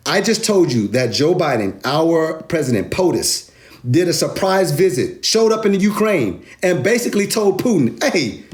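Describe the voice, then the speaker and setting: A man's voice: fairly high pitch, moderate pace. A man hosting a crypto video, giving emphatic, slangy market commentary. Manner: animated, emphatic, streetwise slang.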